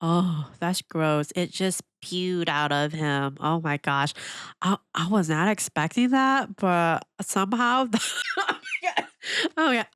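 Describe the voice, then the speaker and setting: A woman hosting a reaction video in casual commentary, animated and exclamatory, laughing often and asking lots of questions. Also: lowish voice, slow pace, smooth, dry recording, studio quality. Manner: asks rhetorical questions.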